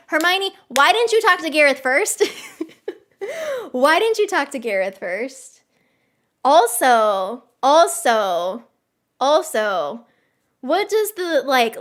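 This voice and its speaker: A young woman streamer reacting live to a game story, giggly, excitable and chatty. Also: high voice.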